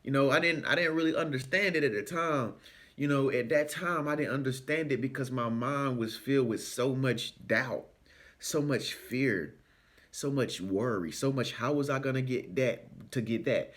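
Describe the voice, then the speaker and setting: A man speaking in an animated, preachy, sing-song way in a motivational vlog. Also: medium pitch, normal speed. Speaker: spiritual self-help vlogger.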